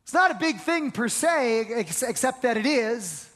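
A man's voice: extremely high pitch, very animated, unhurried, a bit bright. A man preaching a sermon to a congregation, talking earnestly and often stumbling over repeated words. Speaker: pastor. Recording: reverberant large hall.

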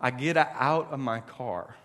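Animated, overdramatic stand-up comedian man. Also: medium pitch, slow pace, long reverb tail. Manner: animated, overdramatic, swings from loud shouting to hushed mock-solemn. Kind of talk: stand-up storytelling.

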